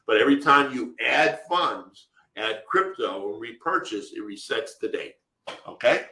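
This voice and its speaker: A man's voice: medium pitch, animated, unhurried, pushed and bright, reverberant, poor audio. A man co-hosting a live webinar, answering viewer questions from the chat in an emphatic, direct way. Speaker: webinar co-host.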